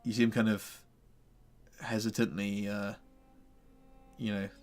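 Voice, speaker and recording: A man's voice: fairly low pitch, flat delivery, unhurried. A man running a tabletop game as game master, narrating in a loose, rambling way full of fillers.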